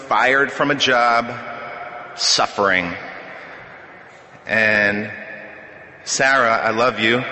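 Middle-aged man, podium testimony, wry self-deprecating humor, very bright tense tone, long hall reverb. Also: medium pitch. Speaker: recovery meeting speaker. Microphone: podium microphone.

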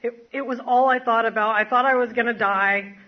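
A woman's voice: fairly high pitch, fairly even intonation, brisk, lo-fi sound. A woman telling her recovery story to a group, rambling with many fillers and self-mocking laughs. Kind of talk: personal testimony to a group. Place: standing before an audience.

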